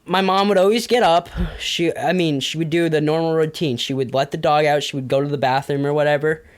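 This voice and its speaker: A young man, a podcast guest, telling a long story in a rambling, animated way full of fillers and restarts. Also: on the high side, brisk. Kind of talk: casual storytelling.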